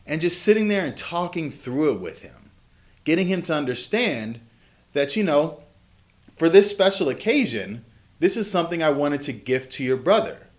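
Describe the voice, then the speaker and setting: A man's voice: on the high side, big pitch swings, moderate pace. A man in his thirties, a father and vlog host, telling an earnest, candid personal story about his sons. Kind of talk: reflective personal story to camera.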